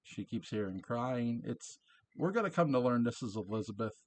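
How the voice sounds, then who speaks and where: A man's voice: medium pitch, lively intonation, moderate pace. Chatty man recapping an old episode. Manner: chatty, laughing, quotes lines in character. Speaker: show reviewer.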